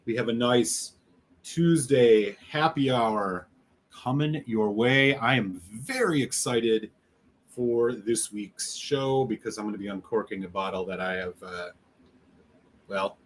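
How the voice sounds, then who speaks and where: A man's voice: medium pitch, slow. Upbeat man hosting a live stream. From Chicago area. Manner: upbeat, greets viewers by name. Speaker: host. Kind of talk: live stream chat reading.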